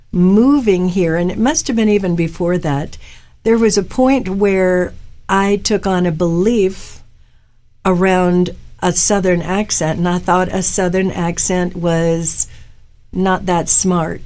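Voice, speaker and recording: A woman's voice: lowish voice, darkish tone. A middle-aged woman from Florida hosting a live-stream show, chatting casually and rambling through personal stories. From Florida, USA. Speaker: host. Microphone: webcam live-stream mic.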